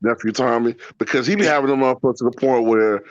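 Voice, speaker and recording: A man's voice: medium pitch, fast talker, dry recording. A man chatting casually, telling stories full of profanity and laughing along the way. His voice sits in the middle of the range. The recording is dry and a little dull, like a lo-fi mic. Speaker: channel host. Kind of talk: casual chat.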